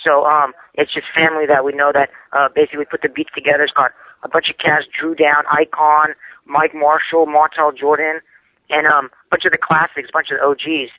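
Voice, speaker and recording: An engineer and manager from the San Francisco Bay Area phones in with an update, rambling and using many fillers. His slightly high voice holds a level tone at a fairly quick pace. The telephone line sounds dry and tinny, with no echo.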